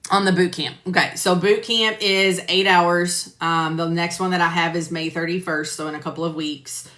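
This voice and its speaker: A woman's voice: on the low side, steady tone, moderate pace, sharp tone. A woman teaching medical coding, chatting casually on a live stream and answering viewers by name with lots of fillers. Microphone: phone or computer mic on a live stream. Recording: roomy echo.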